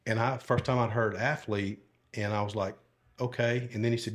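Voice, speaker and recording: Folksy older man, low voice. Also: fairly even intonation, moderate pace. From Alabama. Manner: folksy, rambling, with many fillers and asides. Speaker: podcast guest, retired sheriff's deputy. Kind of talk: casual storytelling interview.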